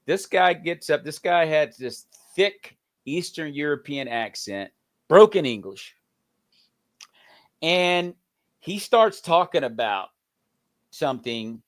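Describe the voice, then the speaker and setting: A man, a pastor and comedian, telling lively stories as a guest in a casual interview. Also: on the high side, takes it slowly, long pauses. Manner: laughing, energetic storyteller.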